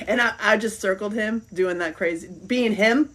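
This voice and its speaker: A woman's voice: mid-range voice, moderate pace, hardly any pauses. Chatty middle-aged woman telling stories. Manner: rambling, animated storytelling with laughs. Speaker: podcast host. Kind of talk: casual chat.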